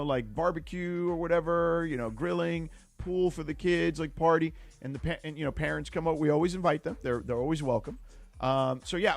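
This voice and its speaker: A man's voice: a little high, creaky, dry recording. A man co-hosting a sports radio show, chatting in an easygoing way with plenty of fillers. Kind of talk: radio talk show chat.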